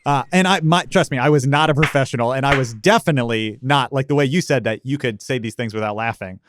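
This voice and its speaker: An American man hosts a conversational podcast interview, chatty and self-deprecating, often restarting his sentences. His voice is medium-pitched and fast, with background noise in the recording.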